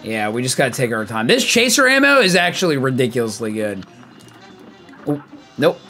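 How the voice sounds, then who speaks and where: A young man giving lively live commentary on his game, chatty and hyped, greeting viewers by name. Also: mid-range voice, moderate pace, faint music behind. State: out of breath. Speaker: streamer.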